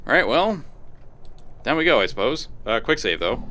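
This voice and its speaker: A man's voice: medium pitch, sing-song, moderate pace, bright, forceful tone, slight background noise. A man casually commenting on a game as he plays and reads its text aloud. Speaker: game streamer.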